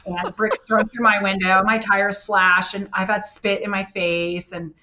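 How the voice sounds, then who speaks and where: A woman family law attorney, a podcast guest, talking bluntly and with plenty of profanity, telling animated stories. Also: medium pitch, measured pace, muffled recording, background noise. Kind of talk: candid podcast interview.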